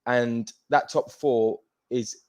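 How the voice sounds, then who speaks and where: A man calling in to a football fan show, giving a measured, thoughtful take on the match. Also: medium pitch, steady tone, darkish tone.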